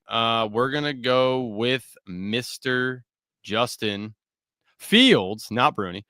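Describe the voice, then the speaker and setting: A man's voice: mid-range voice, animated, slow, sharp tone, dry recording, clean studio sound. A man co-hosting a sports betting show, giving picks in a laid-back, joking way and laughing between them. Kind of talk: casual sports betting chat.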